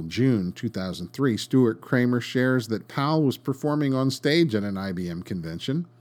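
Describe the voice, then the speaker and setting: Low-voiced man, dry scripted narration. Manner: dry, wry, sarcastic asides. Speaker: podcast host.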